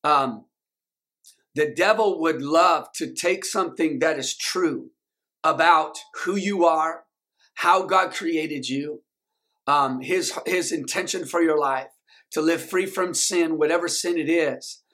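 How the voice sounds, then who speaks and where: A man's voice: a little high, slow pace, a bit bright. A male pastor, preaching a sermon and leading the congregation in call-and-response.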